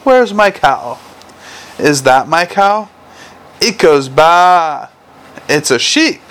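A man's voice: fairly high pitch, sing-song, drawn-out words, a bit bright, clear, resonant tone, full character voice. A man voicing a weary watchman father reading a picture book aloud to his baby, in a sing-song way with hammed-up animal noises. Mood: playful.

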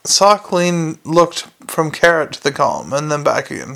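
A man narrating a novel aloud in a steady reading voice, with small slips and restarts. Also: fairly high pitch, moderate pace, creaky, hardly any pauses. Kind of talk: amateur audiobook reading.

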